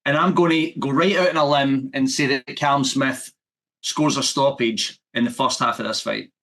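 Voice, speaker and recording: Man giving measured boxing analysis. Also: mid-range voice, fairly even intonation, a bit bright. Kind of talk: boxing commentary.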